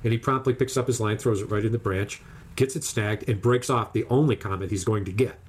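A man casually telling a long, animated fishing story, acting out the other people's lines in raised voices. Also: lowish voice, brisk, husky.

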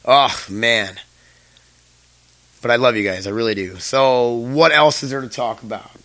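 A young man talking through his solo podcast with a bright, forceful tone that carries. He rambles, stumbles over words and swears freely. The sound is close and dry, with no room around it. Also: medium pitch, a little slow, no echo. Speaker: podcast host. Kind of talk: casual solo podcast chat.

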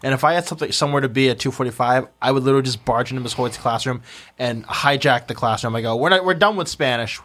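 A young man in lively podcast banter, eager and playful as he tells his story. His voice has an ordinary male pitch. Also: quick pace. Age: young adult. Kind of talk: casual chat.

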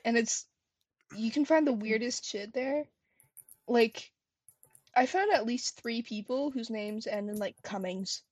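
Woman chatting, husky higher voice, dry close sound. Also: a little slow, pauses often, a little mellow, no room sound. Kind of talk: casual chat.

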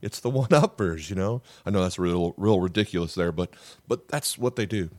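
A man's voice: deep voice, lively intonation, moderate pace, darkish tone, dry recording. A middle-aged man, a pastor and podcast host, giving a sermon in an earnest, conversational way, with frequent "uh" fillers and restarts.

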